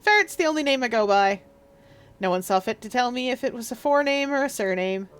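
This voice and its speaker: A woman's voice: a little high, expressive, a little fast, clean tone, natural voice. A woman voicing a boastful, street-wise rat-catcher shopkeeper in a chatty, cheeky manner as she reads a text game aloud.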